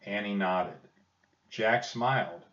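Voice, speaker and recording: Man reading a kids' book aloud, calm and unhurried, dull lo-fi sound. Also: lowish voice. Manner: calm, gentle storytelling. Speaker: reader. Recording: dull lo-fi recording.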